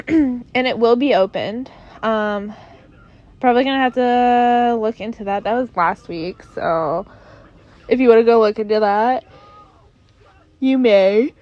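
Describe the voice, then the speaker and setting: A woman's voice: a little high, a little slow, lo-fi sound. A young woman hosting her own podcast in casual chat, rambling and giggly, often trailing off into mumbles. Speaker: podcast host.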